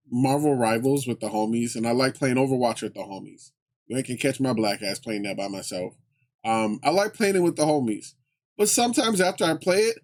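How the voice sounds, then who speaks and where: A young man streaming live, chatting casually with viewers in laid-back slang and laughing often. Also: medium pitch.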